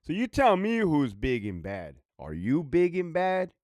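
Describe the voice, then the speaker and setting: A man in a casual vlog rant, swearing freely and laughing between points. His voice sits a bit high for a man and leaps around in pitch. The sound is dry, with no room echo. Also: huge pitch swings, measured pace, a little mellow. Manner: profane, rambling, frequent laughter. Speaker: former prison guard.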